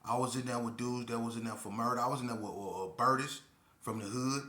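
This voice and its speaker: A middle-aged man tells his story in a loose, emphatic monologue, leaning into warnings like a street preacher. His voice is bright and forward, and it rings in a roomy, echoing space. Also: medium pitch, fairly even intonation, fast talker. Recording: echoey room.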